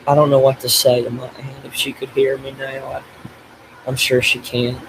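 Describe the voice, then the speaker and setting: An older man talking in a tearful video diary, grief-stricken and blaming himself, speaking haltingly with restarts and breaking off as he cries. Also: medium pitch, completely flat delivery, fairly bright tone, a little hiss or hum, poor audio. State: crying. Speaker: vlogger.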